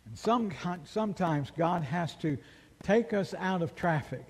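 High-voiced slow preaching pastor. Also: male voice, lively intonation, a little mellow. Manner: emphatic preaching with rhetorical questions. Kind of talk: sermon. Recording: long reverb of a large hall.

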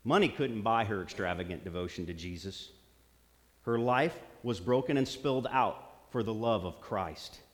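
A man's voice: fairly low pitch, lively intonation, moderate pace. A man preaching a sermon, earnest, repeating phrases for emphasis. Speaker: pastor. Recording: long hall reverb.

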